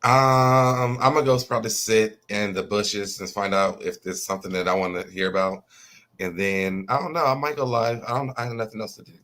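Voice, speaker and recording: A man with a lowish, fairly bright voice speaks briskly with fairly even intonation. Co-hosting a gossip show over a video call, he rambles, laughs often, and addresses viewers directly.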